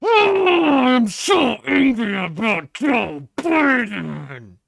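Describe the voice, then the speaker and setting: A man putting on the voice of a ranting, angry conservative man, whining and shouting. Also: extremely high pitch, big pitch swings, very slow, vocal fry, no echo, pitched above the performer's own voice, heavily acted. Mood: whiny ranting. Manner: shouting, whiny mock rant.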